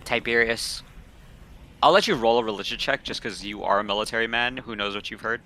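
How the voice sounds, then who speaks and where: A man's voice: medium pitch, fairly quick, bright, forceful tone. A young man narrating as game master in a tabletop role-playing session over a call, casual and loose with many fillers.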